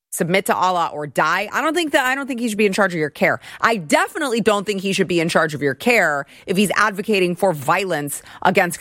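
A woman's voice: fairly low pitch, fairly bright tone, no room sound, studio quality. A young woman hosting a political talk show, giving a brash, sarcastic, opinionated monologue. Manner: brash, sarcastic, rapid-fire.

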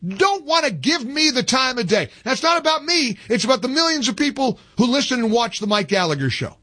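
Fired-up high-voiced radio host. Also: male voice, big pitch swings, a little fast, pushed and bright. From American South. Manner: emphatic, repetitive, restarts mid-sentence. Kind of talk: fired-up political rant.

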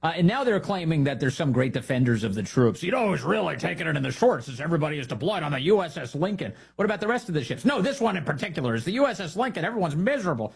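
A man hosting a political talk show, giving sarcastic, animated commentary. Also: on the high side, very fast, vocal fry, hardly any pauses, breathy edge. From United States. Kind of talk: opinionated commentary.

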